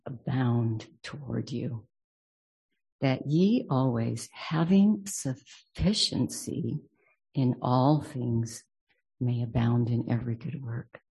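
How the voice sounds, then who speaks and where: A man's voice: mid-range voice, gravelly, warm tone, slightly rough. A man teaching a reflective scripture study lesson. He reads verses aloud and then muses on them thoughtfully.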